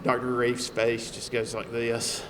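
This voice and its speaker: A man's voice: medium pitch, completely flat delivery, a little slow. A man giving a personal speech to an audience as a trauma survivor, telling his story with humor in a chatty way, with fillers. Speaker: trauma survivor speaking at an event. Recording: long hall reverb, faint background noise.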